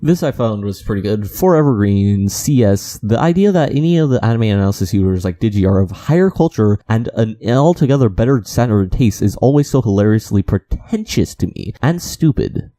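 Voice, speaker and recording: Exasperated man ranting, pitch leaping around. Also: expressive, a little fast, few pauses, dark tone. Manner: indignant, exasperated, repeating himself for emphasis. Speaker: anime video commentator. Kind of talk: unscripted commentary rant.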